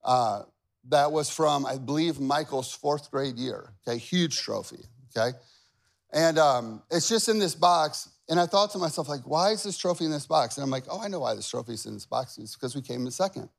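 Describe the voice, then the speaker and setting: A man's voice: mid-range voice, lively intonation, normal speed, gravelly. A man in his forties preaching a sermon in a chatty, self-deprecating way, often asking the crowd questions. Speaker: pastor. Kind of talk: sermon with personal stories.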